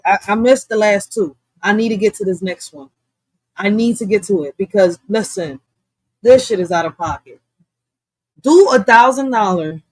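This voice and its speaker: A woman hosting a livestream in a loose, profane, outspoken way, reading comments from her chat and firing back with laughter. Her voice sits at an ordinary middle pitch. The sound is dry and close, with no room echo. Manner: blunt, profane, laughs and reacts loudly to chat. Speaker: livestream host.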